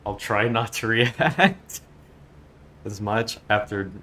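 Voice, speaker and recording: A man's voice: fairly low pitch, slow, sharp tone. A man streaming live with a groggy morning voice, flustered and self-mocking as he reads aloud to chat.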